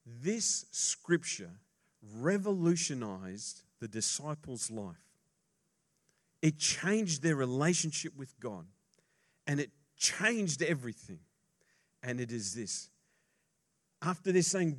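Slow, dramatic male preacher. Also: mid-range voice. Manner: animated preaching, swings between hushed asides and loud emphasis; chatty and joking with the congregation. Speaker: pastor. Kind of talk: sermon.

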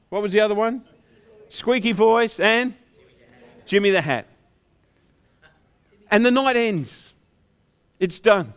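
Lively, playful male pastor telling stories. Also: high voice, clear, resonant tone. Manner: playful storytelling, acting out shepherds' dialogue. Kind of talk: sermon.

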